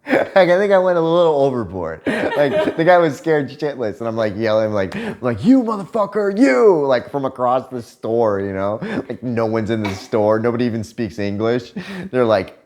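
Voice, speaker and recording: A man vlogger telling stories in a casual chat, profane and animated, laughing as he tells them. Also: medium pitch, normal speed.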